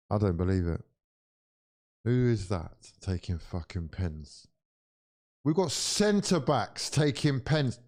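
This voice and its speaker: A young English man streaming a football watch-along, swearing freely and swinging between weary groans and loud outbursts of disbelief. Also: mid-range voice. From England. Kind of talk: live football reaction commentary.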